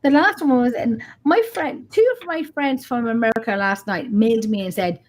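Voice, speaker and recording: A woman's voice: on the high side, normal speed. A middle-aged woman, a paranormal investigator chatting casually and animatedly, acting out dialogue and swearing. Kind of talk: casual chat.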